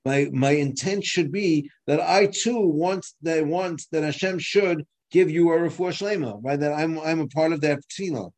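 A man's voice: a little high, a little mellow. A man teaching a halacha class, explaining step by step with frequent restarts and fillers, and sounding out words to show their pronunciation. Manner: halting, with many restarts and fillers. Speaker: Torah teacher.

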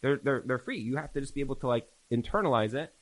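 A male Torah teacher gives a class in a lively storytelling style. He repeats key phrases for emphasis, and his voice sits in an ordinary middle pitch. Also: quick pace, low-quality recording. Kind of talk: recorded religious class lecture.

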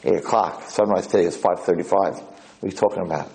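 A man's voice: sits low, quick pace, vocal fry, darkish tone, pitched below the performer's own voice, rough recording. A man voicing an old blind patient in anguish. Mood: distraught. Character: elderly blind male hospital patient, anguished.

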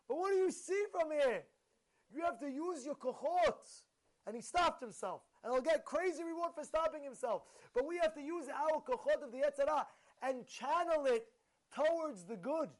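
High-voiced man giving an animated sermon. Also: a little fast. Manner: animated storytelling, rhetorical questions to the audience. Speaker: rabbi.

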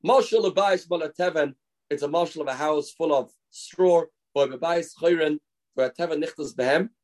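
A man's voice: on the high side, normal speed. A man giving a daily Torah lesson as a rabbi, explaining through stories and acted-out quotes. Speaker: rabbi teaching a daily class.

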